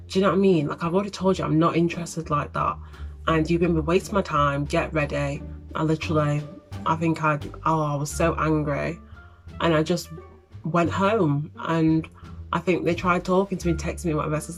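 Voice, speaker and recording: A woman's voice: deep voice, steady tone, fairly quick, faint music behind. A young woman telling a storytime vlog in a chatty, exasperated way. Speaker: vlogger.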